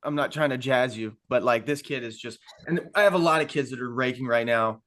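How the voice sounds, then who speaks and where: A man's voice: medium pitch, a little fast, fairly bright tone. A man co-hosting a casual podcast as a youth baseball coach, talking up his players with enthusiasm.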